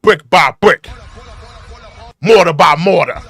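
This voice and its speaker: A man's voice: a little high, slow, a bit bright, slightly rough. A man in his thirties hosting a political commentary show, reacting to clips with exasperated rants, repeating himself and using mocking slang. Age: 30s.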